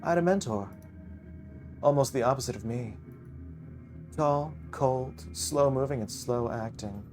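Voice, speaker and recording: Pompous game gent, grand and wistful, voiced by a man, middling pitch. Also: darkish tone, faint music behind, lightly acted. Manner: pompous, drawn-out delivery. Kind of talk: reading a visual novel aloud.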